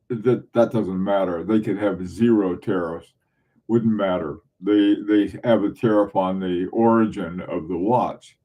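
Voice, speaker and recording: A middle-aged man hosts a casual livestream, talking to his viewers in a rambling way, full of restarts and small chuckles. His voice sits low, with a mellow, relaxed tone. He comes from southern New England. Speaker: livestream host.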